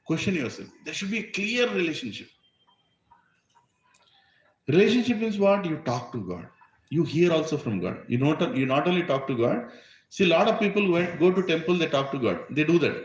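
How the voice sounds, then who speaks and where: A man's voice: fairly high pitch, animated, moderate pace, roomy sound, dull audio. A man with an Indian accent giving an emphatic religious discourse, full of rhetorical questions. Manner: emphatic, rhetorical, asks "right?" often. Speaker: spiritual teacher.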